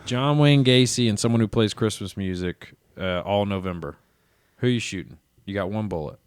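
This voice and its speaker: A man's voice: on the low side, moderate pace, clear, resonant tone, no room sound, studio quality. A man co-hosting a comedy podcast, casually rambling and acting out absurd scenarios. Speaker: podcast co-host.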